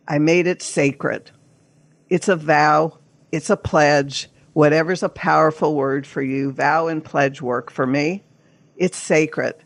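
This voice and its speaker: A woman's voice: sits low, fairly even intonation, takes it slowly, no room sound. An older woman, a therapist and coach, speaking as a podcast guest in an earnest, emphatic coaching tone, sometimes acting out inner voices. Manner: acts out inner voices in quotes. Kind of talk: podcast interview.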